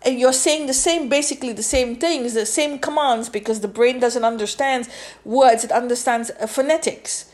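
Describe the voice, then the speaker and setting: A woman with a high voice speaks alone as a podcast host. She lectures emphatically and repeats phrases over and over to drive her points home. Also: moderate pace, a little mellow. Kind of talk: solo podcast monologue.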